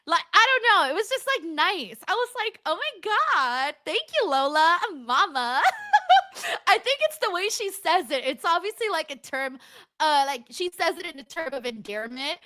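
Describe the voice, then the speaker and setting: Excitable high-voiced woman streamer. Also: normal speed. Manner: excitable, laughs often, swears freely. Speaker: livestream host. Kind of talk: casual watch-along chat, reading viewer donations.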